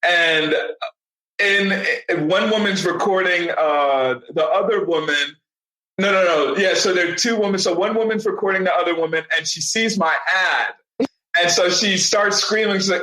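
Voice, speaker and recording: A young man chats as a podcast guest, his voice bright and forceful and sitting a bit high. He tells stories lively and acts out what people said. The room around him rings with echo. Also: normal speed. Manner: animated storyteller, acts out quotes. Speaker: podcast guest, digital marketing strategist. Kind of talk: casual interview storytelling.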